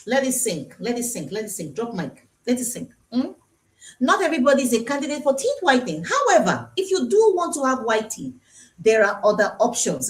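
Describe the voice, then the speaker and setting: A high-voiced Nigerian woman dentist talks to her viewers on a live stream. Her pitch swings widely as she teases them and hammers home her advice. She repeats the main points over and over. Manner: chatty, teasing, repeats key points for emphasis. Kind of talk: live-streamed health talk. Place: dental clinic.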